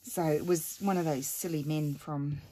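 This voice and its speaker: A woman's voice: low-pitched, steady tone, moderate pace, dark tone, a little hiss or hum. A woman chatting casually while making a craft at home, rambling with many ums and asides. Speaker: craft vlogger. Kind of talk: casual craft-along chat.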